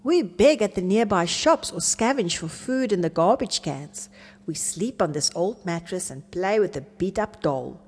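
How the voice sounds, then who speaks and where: A woman's voice: fairly low pitch, animated, normal speed, a little mellow, slightly rough, long reverb tail. A woman voicing a female stray sausage dog in a storybook reading, explaining life in a matter-of-fact way.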